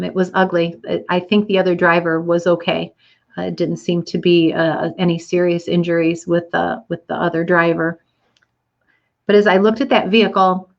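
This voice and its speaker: A woman speaking earnestly and from the heart about a personal experience, a little teary-eyed, with the odd restart and soft laugh. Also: medium pitch, muffled recording. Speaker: motivational speaker. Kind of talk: personal reflective monologue.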